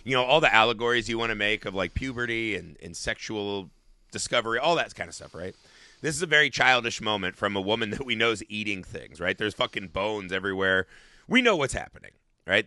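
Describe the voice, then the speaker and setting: A middle-aged man co-hosting a podcast in casual, animated chat, swearing and laughing as he acts out quotes. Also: on the low side, quick pace, no room sound, studio quality. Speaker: podcast co-host.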